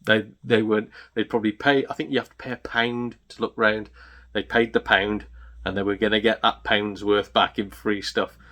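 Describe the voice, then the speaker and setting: A man's voice: fairly low pitch, flat delivery, normal speed, sharp tone. A British man hosting a gaming channel, telling a rambling, exasperated story with lots of restarts. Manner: exasperated, chatty, self-interrupting.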